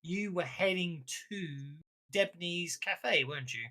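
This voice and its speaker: A woman's voice: on the low side, unhurried, sharp tone. Irish woman running a tabletop game. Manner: chatty, laughs often, many restarts and fillers. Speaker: game master.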